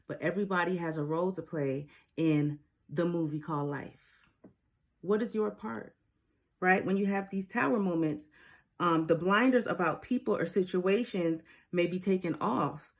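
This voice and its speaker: A woman with a slightly low voice talks straight to her viewers about spiritual growth. She is earnest and a touch preachy, and she keeps checking in with questions to make her point land. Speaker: spiritual advice vlogger. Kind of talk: casual spiritual advice monologue.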